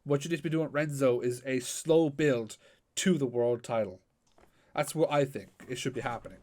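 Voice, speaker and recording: A man co-hosting a casual wrestling podcast, animated and sweary with plenty of fillers. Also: medium pitch, moderate pace. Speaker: podcast co-host. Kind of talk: casual chat.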